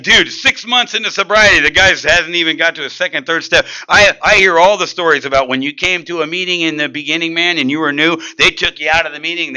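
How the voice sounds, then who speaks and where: Bright-voiced man telling his recovery story. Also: a little high, low-quality recording. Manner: animated, street-casual storyteller. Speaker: AA meeting speaker. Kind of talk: recovery story told to a meeting. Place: meeting room.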